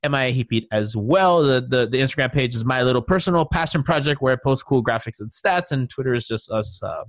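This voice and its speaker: A man hosting a casual sports podcast, excitable and quick to laugh. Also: medium pitch, dry recording. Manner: animated, excitable, laughs a lot. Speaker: podcast host.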